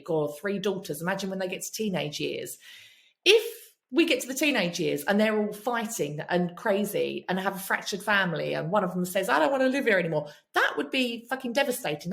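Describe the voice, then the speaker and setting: A woman's voice: medium pitch, vocal fry, a bit bright. Frank woman, swearing freely. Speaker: podcast guest. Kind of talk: candid storytelling chat.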